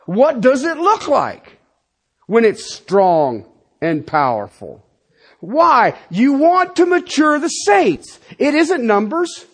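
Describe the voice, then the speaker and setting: A husky-voiced middle-aged man preaching to his congregation, his pitch riding high and swinging widely. He presses his points hard, then drops into low, muttered asides. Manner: emphatic, swings between loud and quiet asides. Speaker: pastor. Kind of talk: sermon.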